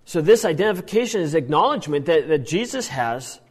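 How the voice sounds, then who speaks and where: A man teaching a Bible passage in an animated sermon style, often restarting his phrases. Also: a little high, brisk, big-room sound. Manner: animated, acts out quoted lines, frequent restarts. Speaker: preacher.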